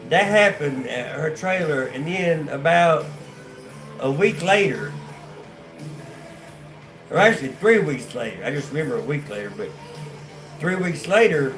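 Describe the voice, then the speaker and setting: A man's voice: on the high side, animated, takes it slowly, long pauses, over music. Rambling Southern man from North Carolina. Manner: rambling, profane, many restarts and fillers. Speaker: livestream host telling his life story. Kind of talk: casual storytelling livestream.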